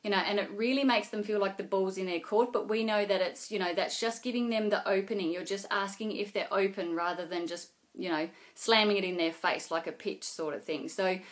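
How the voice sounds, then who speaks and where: A woman's voice: mid-range voice, steady tone, a little fast, few pauses. Chatty woman vlogger giving sales tips. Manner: chatty, many fillers and restarts. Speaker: network marketing vlogger. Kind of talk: casual advice vlog to camera.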